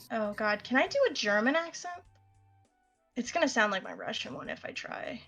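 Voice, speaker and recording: A young woman narrating as game master of a tabletop game, halting, with many fillers. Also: a little high, animated, fairly bright tone, lo-fi sound, soft background music.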